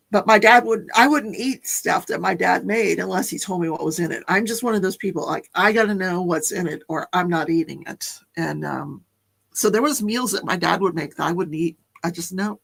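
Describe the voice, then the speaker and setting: A woman's voice: lowish voice, creaky, a bit bright, breathy edge. An older woman hosting a casual live stream, chatty and rambling, laughing often as she talks.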